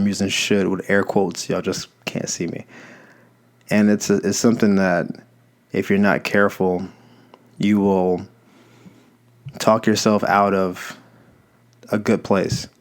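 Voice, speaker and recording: A young man with a lowish voice talks through his thoughts in a relaxed, rambling monologue. He corrects himself as he goes and keeps the tone conversational, like a host speaking straight to listeners. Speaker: podcast host. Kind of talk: casual reflective monologue. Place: Los Angeles.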